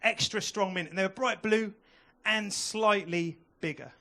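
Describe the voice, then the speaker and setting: A young man works the room in a stand-up set, talking in a high, bright voice into a handheld stage mic. He chats with the crowd and throws in quick asides. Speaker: stand-up comedian. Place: comedy club stage.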